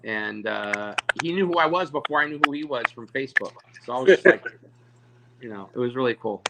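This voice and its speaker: Animated man telling stories over a call. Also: medium pitch, fairly quick, gravelly, very noisy. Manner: animated, acts out quoted voices, stammers on restarts. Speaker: balloon artist guest. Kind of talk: casual storytelling on a video call.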